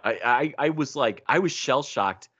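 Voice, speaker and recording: A man's voice: mid-range voice, expressive, measured pace, a bit bright, husky. Guy laughing his way through a comics podcast, acts out the lines he quotes, kinda muffled audio. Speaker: podcast co-host. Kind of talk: casual comic book discussion.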